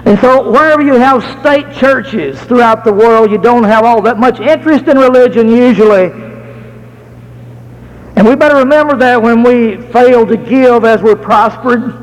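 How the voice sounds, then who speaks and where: A middle-aged American man preaches in a high voice, telling homely stories with an easy folksy manner. He drags out the words he wants to stress. His sermon rings with long reverb from a large church hall. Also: dull audio. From United States. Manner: folksy storytelling, slows to stress key words.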